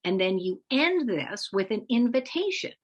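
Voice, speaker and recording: A woman presenting an instructive webinar talk as a parenting expert, speaking in a measured, explanatory way. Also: mid-range voice, sing-song, breathy edge, highs cut off. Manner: measured, explanatory, acts out example phrases for parents.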